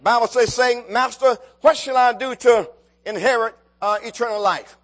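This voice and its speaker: Man, high voice, preaching a sermon with call-outs to the congregation. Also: normal speed, fairly bright tone. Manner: calls out to the congregation, rising and falling emphasis.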